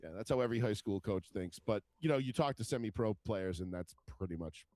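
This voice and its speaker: A man's voice: fairly low pitch, lively intonation, brisk, dark tone, dry recording. A man co-hosting a podcast in casual, profane chat, swearing constantly and laughing at his own stories. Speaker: podcast co-host.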